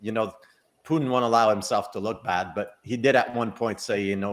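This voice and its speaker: A man's voice: on the low side, steady tone, fairly quick. A man co-hosting a casual chat show, rambling and breaking off mid-sentence. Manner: rambling, self-interrupting, laughs at own jokes. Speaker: psychic co-host.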